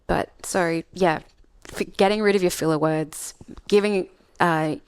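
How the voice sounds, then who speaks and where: A woman's voice: on the low side, fairly even intonation, measured pace, a little mellow, smooth, dry recording. A woman with an Australian accent, a public speaking coach talking emphatically in a podcast interview. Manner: emphatic, acts out example voices.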